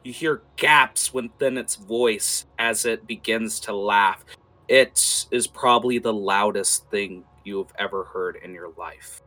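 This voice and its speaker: A man's voice: fairly low pitch, slow, sharp tone. A man running a tabletop game as game master, narrating scenes vividly with many fillers.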